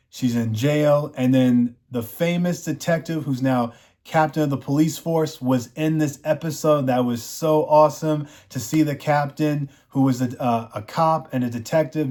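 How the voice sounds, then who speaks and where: Excitable man rambling through a recap. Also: medium pitch. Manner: excitable, rambling, acts out quotes loosely in his own voice. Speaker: show recap host. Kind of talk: enthusiastic casual episode recap.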